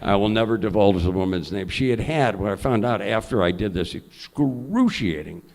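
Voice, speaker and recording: Low-voiced older man spinning salty anecdotes. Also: normal speed. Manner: lively raconteur, salty language. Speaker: honored guest, journalist. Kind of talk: live anecdotal storytelling on stage. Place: event hall before an audience.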